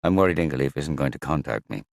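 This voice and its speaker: A man's voice: rumbling low, lively intonation, fast talker, vocal fry, no room sound, clean studio sound, heavily acted. A man voicing a troubled father who pleads insistently to see his son, in an audiobook. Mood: pleading.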